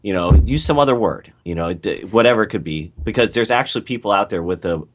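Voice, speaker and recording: A man's voice: fairly low pitch, animated, fast talker. A man co-hosting a casual podcast over a call, laid-back and agreeable, hesitating with fillers. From North America. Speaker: podcast co-host. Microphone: call recording.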